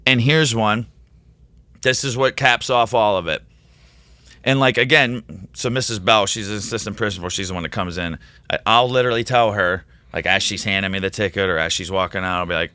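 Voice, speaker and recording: Excitable male teacher guest, rambling storyteller, slightly low, smooth clear tone. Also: a little fast, no room sound. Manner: rambling, excitable, quotes himself in animated voices. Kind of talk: casual storytelling in a podcast interview.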